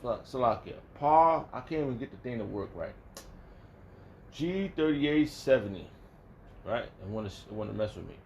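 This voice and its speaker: A man in the middle of an informal Bible study, circling back and restarting his thoughts as he goes. His voice sits at an ordinary middle pitch, and his speech is blunt and profane, breaking into sudden loud, angry outbursts. A faint hiss of noise runs underneath. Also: lively intonation, normal speed. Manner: emphatic and profane. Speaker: religious teacher. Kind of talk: casual Bible study talk.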